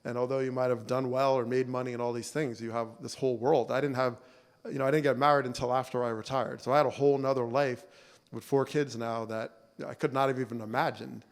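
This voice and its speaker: Keynote speaker: man in his forties, loose and conversational, mid-pitched voice, hall reverb. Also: flat delivery, fast talker. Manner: conversational, many fillers like "you know" and "right?". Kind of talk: relaxed storytelling speech. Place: banquet hall. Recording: long reverb of a banquet hall.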